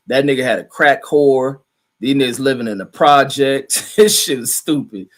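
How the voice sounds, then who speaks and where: A man's voice: medium pitch, moderate pace, a bit bright. A middle-aged man chatting casually on a livestream from home. He rambles in a loose, profane way, reading viewer comments aloud and riffing on them. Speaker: livestream host reading chat.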